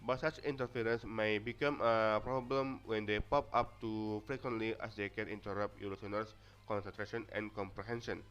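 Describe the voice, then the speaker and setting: Soft background music accompanies a young adult male student reading a class presentation from notes, often stumbling and starting over. His voice is on the low side and fairly bright, with fairly even intonation at a moderate pace, and he has an Indonesian accent from his native language, all on dull lo-fi audio.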